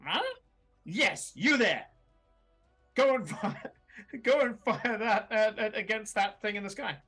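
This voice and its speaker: A man's voice: high-pitched, slow, slightly rough, soft background music, voice pushed up, full character voice. A man voicing a pompous, bossy male duke who barks orders at his soldiers. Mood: impatient. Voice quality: loud barking commands.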